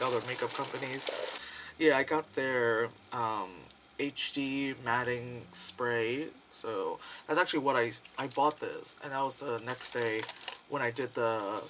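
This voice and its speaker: Rambling, excitable young-sounding man vlogging. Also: medium pitch, noisy background. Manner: rambling, heavy on fillers and swearing. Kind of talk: casual vlog chat.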